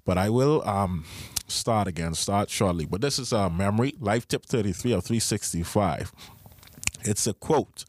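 Brief: low-voiced male podcast host, wry and playful, lively delivery, dry close mic. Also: moderate pace, dry recording. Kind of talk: casual podcast chat.

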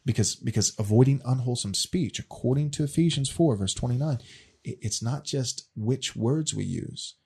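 A man's voice: medium pitch, moderate pace, gravelly, mellow, breathy edge. A man casually explaining a faith question as a teacher, earnest and often repeating words as he restarts.

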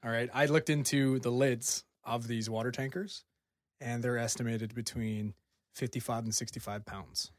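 A man on a casual podcast, eager to tell a spooky story and swearing along the way. His voice sits mid-pitch, recorded dry and close with no room sound. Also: steady tone, normal speed, no room sound. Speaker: podcast host presenting research.

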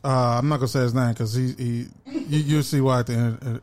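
A man's voice: medium pitch, fairly even intonation, fairly quick, a little mellow, a little hiss or hum. A man hosting a casual podcast, laid-back and storytelling, acting out voices in his jokes. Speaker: podcast host.

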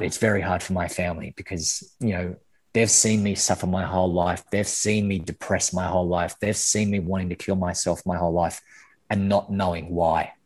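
A man's voice: deep voice, slightly rough. A man speaking candidly as a podcast guest, often restarting and repeating words, with casual swearing. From Australia. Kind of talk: candid interview conversation.

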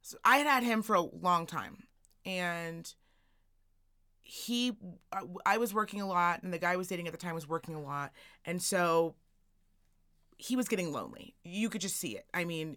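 On a casual podcast, a female co-host tells a story in a fairly low, somewhat bright voice at normal speed. Her pitch rises and falls as she acts out the people in her tale.

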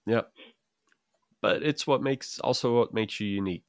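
Very deep-voiced man, dry close mic. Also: normal speed, no echo. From Utah. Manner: rambling, self-interrupting, dry jokes. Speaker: podcast co-host. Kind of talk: casual chat.

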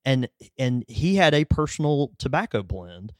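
A man co-hosting a casual podcast, rambling through explanations with plenty of fillers. His voice moves animatedly in pitch. It is recorded dry and close. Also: big pitch swings, moderate pace, no room sound. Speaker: podcast host.

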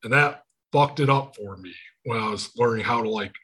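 Podcast host, male, Michigan accent, bright and husky, casual storyteller over a video call. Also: mid-range voice, normal speed. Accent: Michigan, Inland Northern. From Michigan, United States. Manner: storytelling with quoted voices, swearing freely. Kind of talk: casual chat.

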